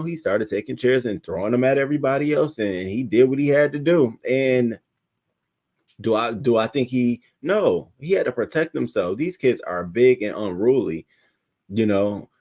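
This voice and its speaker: A man's voice: medium pitch, moderate pace. A man hosting a casual live stream, chatting with viewers, thanking them by name and retelling viral clips with laughter and mimicry. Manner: animated, laughing storyteller who greets viewers by name. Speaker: livestream host.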